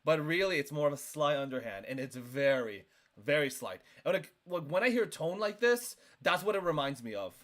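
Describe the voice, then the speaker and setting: High, lively man reacting on stream. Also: brisk. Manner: animated, emphatic, lots of "like". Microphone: desk microphone.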